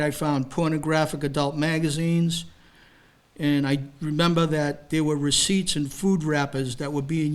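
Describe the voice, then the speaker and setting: An older man with a somewhat high voice tells a crime story to a library audience. He is a retired detective who is plain-spoken and moves between stiff report phrasing and loose, chatty asides. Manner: plain-spoken, mixes formal report wording with casual asides. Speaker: retired police detective speaking at a library talk. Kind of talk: storytelling, reading from a case report.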